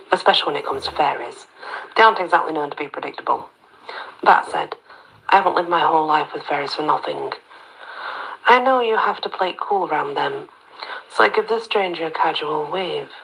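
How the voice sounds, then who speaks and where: A woman's voice: low-pitched, expressive, brisk, vocal fry, fairly bright tone, slight background noise, rough recording. A woman reading a first-person story aloud, with a chatty, wry inner-monologue manner.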